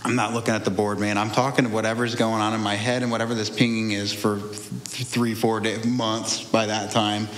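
A man's voice: fairly low pitch, little pitch movement, a little fast, hardly any pauses, fairly bright tone. A young man telling his own testimony in a candid, rambling conversational way, often restarting and laughing through hard memories. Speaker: guest sharing a testimony. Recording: echoey room with faint ambience.

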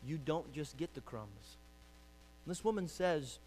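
A man preaching a sermon as pastor, urging loudly and then dropping to quiet pleading. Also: a little high, lively intonation, slow pace, slight background noise. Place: church sanctuary.

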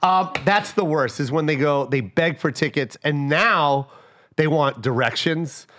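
A man's voice: a little high, measured pace, a little hiss or hum. A male comedian guest telling stories in casual podcast chat, acting out exasperated voices with lots of swearing. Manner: animated storytelling, acts out exasperated voices with profanity.

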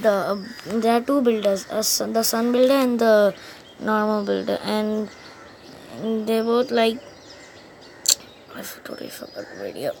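Her voice is medium in pitch with a darkish tone, heard on a rough recording with some hiss or hum. As host of a laid-back gaming channel, she offers casual commentary and retells a cartoon plot, rambling, restarting repeatedly, and losing the thread.

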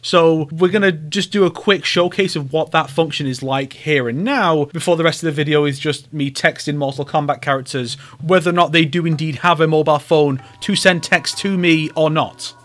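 A man's voice: a little high, normal speed, hardly any pauses, fairly bright tone. Wry, joking male YouTuber. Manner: wry, sarcastic, joking asides. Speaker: YouTuber host. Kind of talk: comedic commentary.

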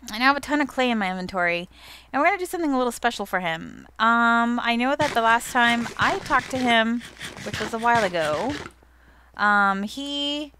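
A woman's voice: on the high side, lively intonation, a little fast, pushed and bright, clear, resonant tone. A young woman who hosts a gaming channel, chatting casually and giggling as she narrates her own gameplay.

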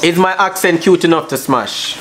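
A man chats with strangers through his phone on a video app, brash and slangy and fond of repeating himself. His voice sits fairly high for a man. A steady hiss of noise runs under the call. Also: moderate pace. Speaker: vlogger on a video chat app. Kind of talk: casual banter with strangers. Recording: noisy phone recording.

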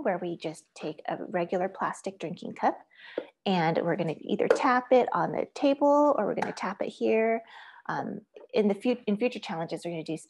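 Music teacher, female, mid pitch, patient and friendly, counts and chants rhythms. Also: a little mellow. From Asia. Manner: friendly, patient step-by-step instructions. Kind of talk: online music lesson.

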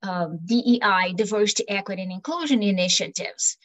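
A woman's voice: medium pitch, fairly quick. A woman from Brazil with a Brazilian accent, giving an earnest webinar talk with many "you know" fillers. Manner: warm, earnest, with frequent fillers. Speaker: guest speaker. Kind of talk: webinar presentation.

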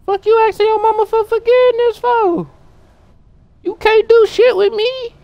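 A man hosting a gaming channel, giving live gameplay commentary full of animated trash talk and loud outbursts. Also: very high voice, moderate pace, creaky, no room sound, lo-fi sound.

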